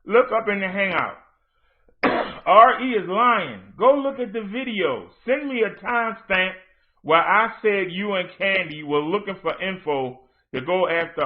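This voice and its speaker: A man hosting his own livestream in a heated rant, confronting someone by reading out her messages and answering them. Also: high-pitched. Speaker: livestream host. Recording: tinny phone-like audio.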